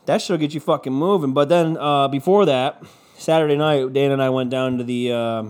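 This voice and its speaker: A man's voice: mid-range voice, brisk, darkish tone, clean tone. Profane ranting podcast man. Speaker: podcast host. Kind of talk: casual podcast rant.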